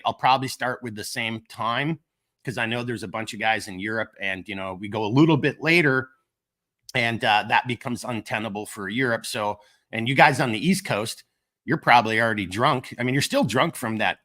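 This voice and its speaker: A man's voice: mid-range voice, normal speed, pushed and bright. A middle-aged man with a Minnesotan accent, coming down with a cold, rambling casually and joking at his own expense as he hosts a livestream. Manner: rambling, self-deprecating, joking. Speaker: livestream host of a gear company channel.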